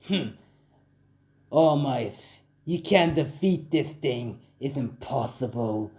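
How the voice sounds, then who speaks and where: A man voicing a sinister, smug male villain mastermind in a fan-made audio story, speaking in a low, mocking way. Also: lively intonation, slow, darkish tone.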